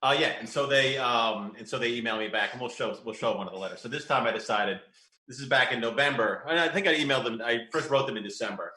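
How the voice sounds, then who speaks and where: A man hosting a podcast in casual chat, reading a prank letter aloud with animated, mock-pompous delivery. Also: mid-range voice, quick pace, reverberant, rough recording. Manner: animated, playing up a pompous exec voice when reading. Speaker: podcast host.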